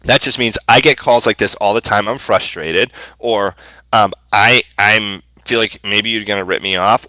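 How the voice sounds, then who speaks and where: A man hosting a live Q&A as a sales coach, talking in a casual, energetic way with many fillers and restarts. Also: mid-range voice, dry recording, rough recording.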